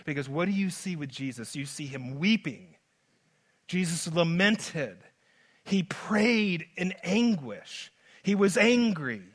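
A man preaching a sermon as pastor, moving from hushed lines to loud, urgent ones. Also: on the high side, expressive, takes it slowly, breathy edge. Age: adult father. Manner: dynamic preaching, swings from soft to loud.

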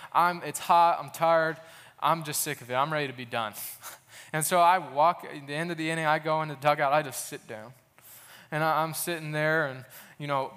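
An earnest young man preaches in a relaxed, conversational way, slipping into personal stories with frequent restarts. His voice sits a little higher than most men's. A long hall reverb trails behind his words. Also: clear, resonant tone. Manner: earnest, casual, with restarts and storytelling. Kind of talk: sermon.

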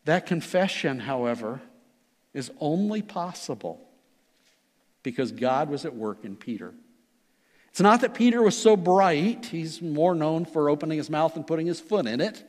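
A pastor preaching a sermon in an earnest, emphatic manner that rises and falls. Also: male voice, fairly high pitch, lively intonation, moderate pace, a little mellow, long reverb tail. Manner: earnest, emphatic preaching with rising and falling delivery.

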